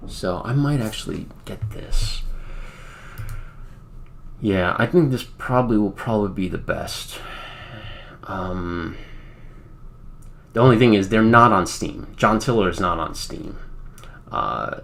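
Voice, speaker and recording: This American wargame streamer talks casually and at length, leaning heavily on fillers. His somewhat low, gravelly voice is expressive and a bit bright, and he speaks slowly with long pauses.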